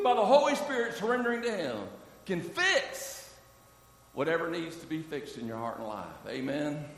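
A man's voice: sits high, fairly bright tone. A middle-aged man preaching a sermon as pastor, emphatic and conversational, often breaking in with "amen?" and "listen.". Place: church sanctuary. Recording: echoey hall from far off.

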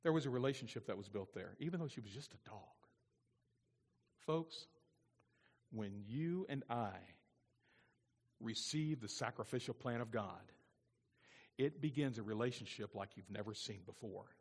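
A man's voice: mid-range voice, a bit bright. A middle-aged man preaching a sermon as pastor, mixing folksy personal storytelling with emphatic preaching. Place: church sanctuary. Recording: long church hall reverb.

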